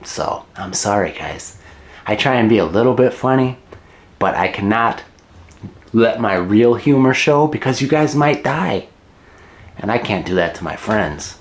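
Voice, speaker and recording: Man, middle-aged, English teacher, casual lesson, unhurried, repeats words, jokey. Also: fairly low pitch, lively intonation. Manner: repeats key words slowly, chuckles, jokey asides.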